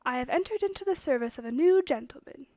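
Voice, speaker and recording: High-pitched woman streamer, relaxed. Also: fast talker, no room sound. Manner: relaxed, reads story lines with bursts of louder acted quotes. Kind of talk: casual let's play, reading game text aloud. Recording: slightly muffled stream audio with faint noise.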